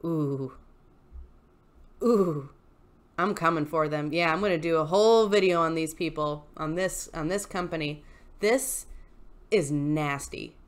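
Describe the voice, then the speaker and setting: A woman hosts a casual commentary vlog, reading posts aloud and reacting in animated, exasperated rants. Her voice sits a bit low for a woman, and her delivery swings between outrage and wry asides. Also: a little slow, long pauses. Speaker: YouTube host reading posts.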